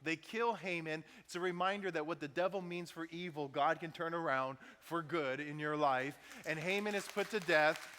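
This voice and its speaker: Guy pastor preaching in a church, bright voice, kinda high, big hall echo. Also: moderate pace, few pauses, a little hiss or hum. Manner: conversational preaching with acted-out quotes. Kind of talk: sermon. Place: church sanctuary.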